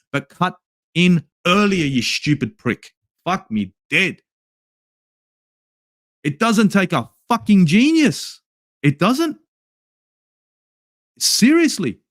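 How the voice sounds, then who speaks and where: An Australian man reviews a football match with a furious, profane rant, fighting the chat as he goes. His voice sits a little high and swings hard, jumping into near-shouts and then sinking into low, muttered grumbles. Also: dry recording, studio quality. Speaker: fan channel host. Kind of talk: ranting match review, reading live chat.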